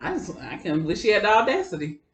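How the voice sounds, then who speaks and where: A woman's voice: mid-range voice, quick pace, slight background noise. Woman, podcast co-host, casual storytelling, acts out quotes, set back from the mic, echoey room. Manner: animated storyteller, quotes people in voices. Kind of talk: casual chat. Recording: roomy, distant from the mic.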